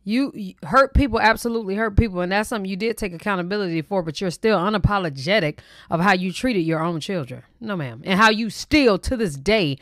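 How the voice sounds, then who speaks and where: A woman's voice: medium pitch, fairly quick, hardly any pauses, fairly bright tone, no echo, studio quality. A woman hosting a reaction show, commenting in a blunt, dismissive, sarcastic way. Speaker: reaction channel host.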